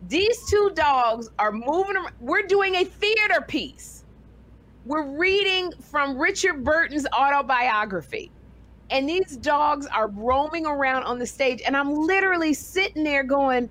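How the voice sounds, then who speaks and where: A woman with a high voice co-hosts a talk show, telling a story at a measured pace in a lively, casual manner. Along the way she acts out other people's voices.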